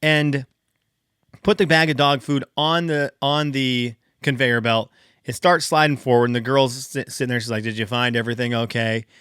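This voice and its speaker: Animated, bright-voiced man telling stories. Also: moderate pace, smooth, dry recording, studio quality. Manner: animated, exasperated, jumps high in pitch for emphasis. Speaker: podcast host. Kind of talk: casual storytelling monologue.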